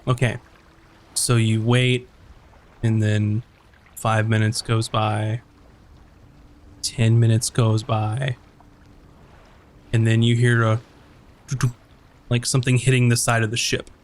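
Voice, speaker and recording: A man's voice: lowish voice, flat delivery, slow pace, long pauses. Rambling male game master. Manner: rambling, full of fillers. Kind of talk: narrating a tabletop game.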